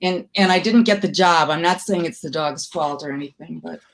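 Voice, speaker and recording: A woman's voice: low voice, a little fast. Older woman with wry stories. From Milwaukee, US. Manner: self-deprecating, wry storyteller. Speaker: comedy writer and guest. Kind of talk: storytelling interview.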